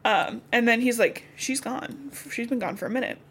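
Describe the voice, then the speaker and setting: On a podcast, a young female co-host casually recaps a novel, chatting away and acting out the characters' lines in quotes as she goes. Her fairly high voice moves at a moderate pace and sounds a bit bright and slightly rough.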